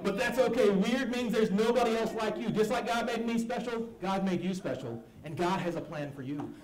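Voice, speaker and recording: A man's voice: high voice, brisk, a little mellow. A man performing comedy gospel magic for kids, talking in a silly, playful, self-mocking way. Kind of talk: live stage comedy talk for kids. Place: church hall stage. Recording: echoey hall with music behind.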